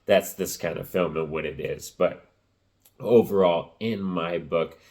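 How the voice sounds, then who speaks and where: A man with a very low, deep voice talks through a movie review in a loose, rambling way. He keeps circling back with fillers, and his voice sounds rough and cracking. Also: a little slow, a little mellow. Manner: rambling, lots of fillers like "you know" and "like I said". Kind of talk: casual spoken movie review.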